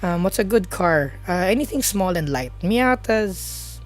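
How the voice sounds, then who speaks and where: Woman streamer, lowish voice, rambling casual chat over faint music. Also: expressive, brisk. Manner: rambling, chatty, many fillers and restarts.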